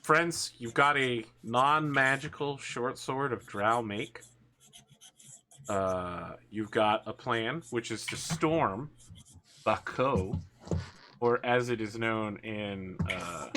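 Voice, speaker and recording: Bright-voiced teasing male game master. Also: medium pitch, slow pace, a little hiss or hum. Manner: teasing, jokey banter mixed with narration. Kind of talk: running a tabletop game for friends.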